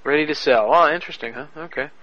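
A man hosting a radio prank-call show, talking in loud, crude, laughing banter. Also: a little high, fast, dull audio.

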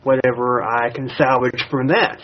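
A man's voice: medium pitch, fairly even intonation, moderate pace. Hesitant male guest, lo-fi sound. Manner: hesitant, self-deprecating. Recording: dull lo-fi radio audio.

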